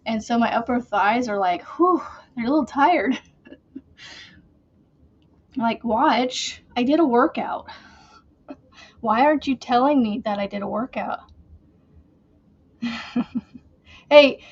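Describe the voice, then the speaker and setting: A woman's voice: on the high side, takes it slowly, pauses often, lo-fi sound. A woman hosting a casual crochet livestream from her chair at home, chatty and giggly, a bit out of breath as she talks to viewers. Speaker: crochet channel host.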